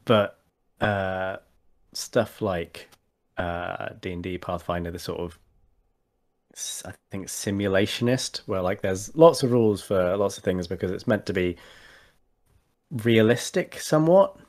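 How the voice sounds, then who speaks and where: Man, very deep voice, casual podcast chat, rambling, lots of ums and restarts. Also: a little slow, darkish tone. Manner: rambling, many fillers and restarts. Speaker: podcast co-host, tabletop player.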